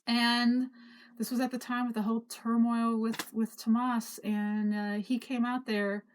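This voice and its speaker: Woman, middle-aged, fairly high voice, rambling memoir storytelling, lots of ums and restarts. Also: little pitch movement, a little slow, a little hiss or hum. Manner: rambling, many fillers and restarts. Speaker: narrator of own life story. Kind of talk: casual spoken memoir.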